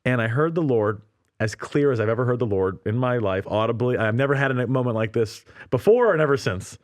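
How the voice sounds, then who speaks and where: Man, from Canada, interview guest, animated storyteller, middle pitch, acts out quotes. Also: fairly quick, no echo. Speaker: ministry leader, guest.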